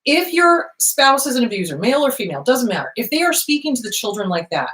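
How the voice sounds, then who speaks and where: A woman's voice: on the high side, big pitch swings, fast, fairly bright tone, low-quality recording. A woman hosting a talk show with blunt, emphatic delivery. She speaks straight to her listeners and swears casually. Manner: emphatic, addresses the audience directly. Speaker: host.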